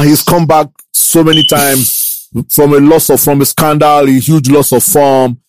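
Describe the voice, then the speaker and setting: A man hosting a sports podcast, talking casually and playfully, putting quick animated questions to his co-hosts. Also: a little high, a little hiss or hum, poor audio. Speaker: podcast host.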